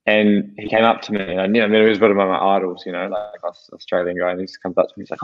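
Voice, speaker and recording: A man's voice: low voice, flat delivery, racing, few pauses. A man from New Zealand, a podcast co-host telling rambling, laughing anecdotes in casual chat. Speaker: podcast co-host, pro cyclist. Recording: dull lo-fi sound.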